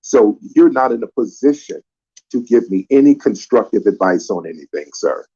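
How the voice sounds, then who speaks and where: Man, low dark voice, slow and deliberate, curtly dismissive host, lo-fi sound. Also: lively intonation, breathy edge. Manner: slow, curt, dismissive, repeating "sir". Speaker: live stream host. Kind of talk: confrontational live debate.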